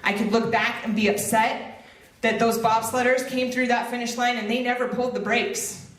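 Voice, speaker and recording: A woman's voice: fairly high pitch, fairly even intonation, normal speed, fairly bright tone, recorded from a distance. A woman giving a motivational speech, telling a personal story with humor and direct lines. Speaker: motivational speaker. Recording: roomy echo, voice off mic.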